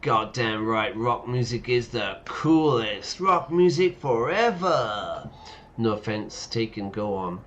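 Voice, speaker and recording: A man with a lowish, fairly bright voice streams a game while teaching English, talking unhurriedly with few pauses. His casual commentary playfully explains words with lots of "yeah?" asides. The dull lo-fi mic picks up faint noise.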